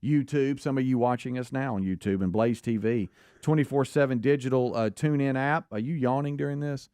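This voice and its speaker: A man's voice: mid-range voice, a little fast, warm tone, smooth, dry recording, studio quality. A man co-hosting a talk radio show, rambling casually through a sponsor plug with many fillers and restarts. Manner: loose, filler-heavy delivery with frequent restarts. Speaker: radio co-host. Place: radio studio.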